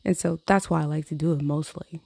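A woman's voice: sits low, steady tone, a little fast, creaky, warm tone, slightly rough, no room sound. A woman, rambling in a casual vlog about her songwriting, swearing and laughing often. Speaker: songwriter vlogger. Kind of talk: casual chat to camera.

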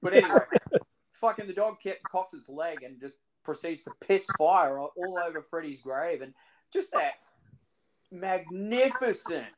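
On a rough recording, this podcast co-host speaks in a high, expressive voice at a measured pace. He's chatting casually, retelling movie scenes with plenty of enthusiasm and profanity.

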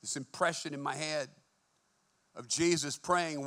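Gravelly, bright-voiced male preacher. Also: a little high, fairly even intonation, moderate pace. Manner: fervent preaching, swinging between hushed and emphatic. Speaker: pastor. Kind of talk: sermon. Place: church.

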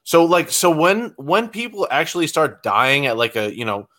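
A man in a casual chat, speaking calmly and matter-of-factly, with many fillers. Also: on the high side, normal speed.

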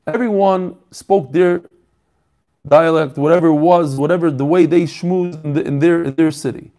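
Man giving a quick Talmud class. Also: on the high side, steady tone, dark tone. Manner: explains with questions and answers, repeats phrases; mixes Yiddish-flavored terms into English. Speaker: Talmud teacher. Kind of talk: daf shiur, teaching aloud.

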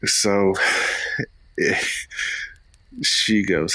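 Podcast co-host, thirties man from Florida, low bright voice, dry sound, rambles through family stories. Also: unhurried, no room sound. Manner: rambling anecdotes with many fillers and restarts. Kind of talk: casual storytelling chat.

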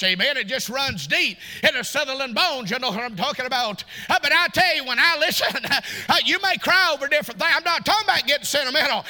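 A man's voice: extremely high pitch, pushed and bright. A man preaching a sermon in a fervent, folksy way, with asides to the congregation. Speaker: pastor.

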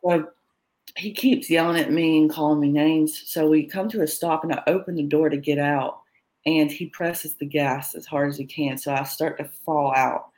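A woman's voice: low voice, fairly even intonation, moderate pace, darkish tone. Woman telling a painful personal story. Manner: tells events in present tense, acting out quoted lines. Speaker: interview guest telling her story.

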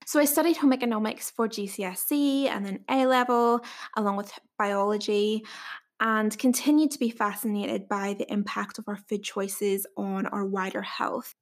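Northern Irish woman, mid-twenties, podcast host, chatty, clearly enunciated. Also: medium pitch, fairly even intonation, moderate pace. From Northern Ireland. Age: 20s. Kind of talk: casual solo podcast introduction.

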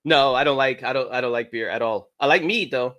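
Male streamer, playful, mid-pitched, easygoing. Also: brisk, sharp tone. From Germany. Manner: playful, laughs at his own jokes. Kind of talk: casual chat on a stream.

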